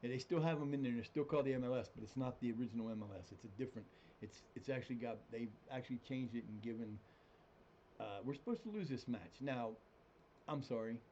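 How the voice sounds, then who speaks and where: A man rambling through a live-stream session at home, his voice mellow and unhurried. He gets animated and now and then jumps into a high mock voice. The audio is a little dull and muffled, with a faint hiss behind it. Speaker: streamer playing a football management game. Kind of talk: casual live-stream chat. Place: home room with cats.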